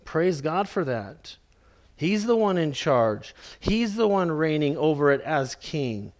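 A man preaching a sermon, slow and emphatic, repeating key phrases and calling his listeners "beloved". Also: on the high side, very animated.

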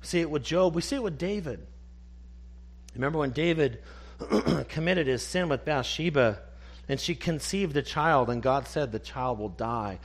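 A male preacher delivering a sermon, his voice sitting a little higher than most men's. He is emphatic and poses rhetorical questions, then answers them in hushed, single words. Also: lively intonation, moderate pace. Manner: emphatic, rhetorical questions, dropping to soft one-word answers.

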